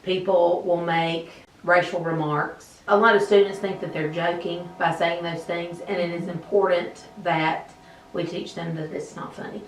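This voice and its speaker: A woman's voice: fairly low pitch, fairly even intonation, measured pace. A woman teacher answering interview questions in a conversational way, with frequent fillers. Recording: echoey room, mic at a distance.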